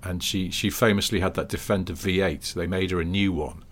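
A man with a lowish voice co-hosts a chatty podcast. He tells stories with dry, teasing humour in a relaxed, conversational way. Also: a little fast, a little hiss or hum. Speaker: podcast co-host. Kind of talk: casual chat.

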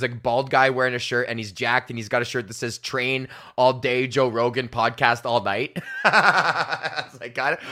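A young male comic hosting his own podcast, his voice bright and forceful. He rambles and swears freely through a solo rant, laughing at his own jokes and slipping into mocking voices for the people he quotes. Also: mid-range voice, smooth. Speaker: podcast host.

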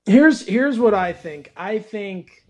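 A laid-back man co-hosting a sports chat, with a fairly high voice. He talks easily and casually, the way you do with friends. He reacts to the other host with short remarks. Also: animated, slow.

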